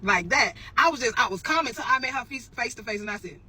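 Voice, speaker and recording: Animated woman telling a story straight to camera. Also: on the high side, fast talker, husky, poor audio. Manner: animated, addresses viewers as y'all, emphatic repetitions. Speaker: storytelling vlogger. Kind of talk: casual storytelling to viewers.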